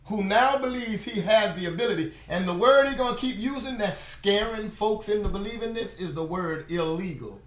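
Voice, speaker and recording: A man with a fairly high voice rants through a casual reaction commentary, laughing as he talks and mockingly repeating words back. His voice rings a little in an echoey room. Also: expressive, normal speed, hardly any pauses. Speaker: commentary vlogger reacting to a news clip. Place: home in Florida.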